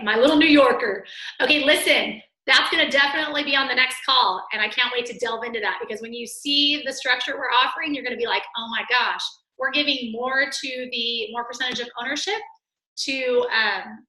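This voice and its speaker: A woman's voice: fairly high pitch, bright, forceful tone. A woman hosting a live webinar, reading out questions and answering them in an effusive, bubbly way. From Texas. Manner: bubbly, effusive, reads chat questions aloud. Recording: roomy echo.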